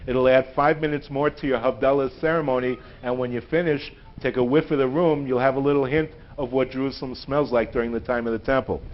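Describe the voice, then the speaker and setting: A man's voice: mid-range voice, steady tone, brisk, few pauses. Joking man lecturing, lo-fi recording. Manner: jokey, chatty teacher who laughs at his own puns. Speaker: guest lecturer. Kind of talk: live lecture to a group. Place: synagogue hall. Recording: dull lo-fi phone recording.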